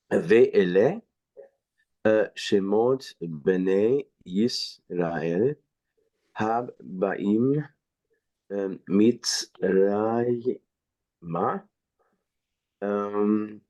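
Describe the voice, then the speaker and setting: Slow, hesitant man reading aloud. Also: lowish voice, mellow, no room sound, highs cut off. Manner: hesitant, many fillers and throat clearing. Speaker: student. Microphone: video call.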